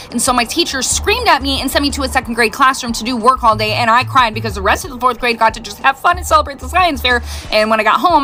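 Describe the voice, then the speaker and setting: A mother telling casual stories about her daughter in an animated, chatty way, laughing as she goes. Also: sits high. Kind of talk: casual storytime.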